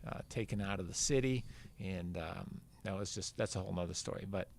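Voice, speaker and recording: A man's voice: deep voice, brisk, vocal fry, a little mellow, slight background noise. An older man, a veteran marathon runner, telling a long story casually as a podcast guest and acting out what people said. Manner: rambling, acts out quoted dialogue.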